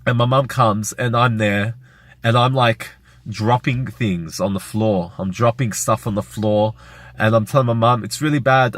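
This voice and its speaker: A man's voice: mid-range voice, fairly bright tone, dry recording. A man vlogging, retelling a frightening personal experience in a rambling, emotional way with many fillers. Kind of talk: personal story vlog.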